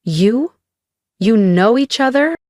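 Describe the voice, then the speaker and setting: A woman's voice: normal speed, no room sound, clean studio sound, close to an everyday voice. A woman reading the part of a middle-aged mother whose voice cracks as she pleads. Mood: shocked pleading. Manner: voice cracking, high and strained.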